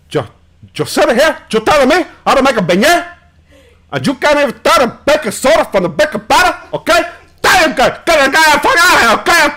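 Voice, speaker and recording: Man doing a loud mouthy movie gangster, swaggering and swearing, bright edge. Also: very high-pitched, voice pushed up, full character voice. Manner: cursing, tough-guy bluster. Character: brash, foul-mouthed male movie gangster, middle-aged.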